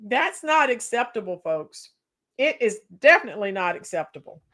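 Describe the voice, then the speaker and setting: A woman with a hoarse, cracking voice giving chatty, opinionated political commentary on a live stream and reading viewer comments. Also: fairly high pitch, very animated, a bit bright. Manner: opinionated, chatty, sings song snippets slowly. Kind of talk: casual political commentary livestream.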